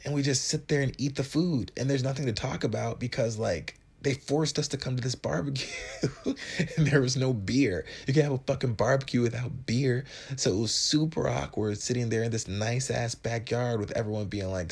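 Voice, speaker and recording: A man in his twenties from Wisconsin telling a story on his podcast in a casual, joking, profane way, often putting on higher voices for other people's lines. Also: moderate pace, creaky, a little mellow, husky. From Wisconsin, USA. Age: 20s. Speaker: podcast host.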